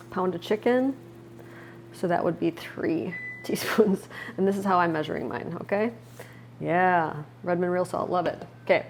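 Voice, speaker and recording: A middle-aged woman from Wisconsin, chatting warmly as she walks viewers through a recipe in her home kitchen. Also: on the low side, a little hiss or hum. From Wisconsin, USA. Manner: chatty and upbeat, talks viewers through each step. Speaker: cooking vlogger. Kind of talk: casual cooking demonstration.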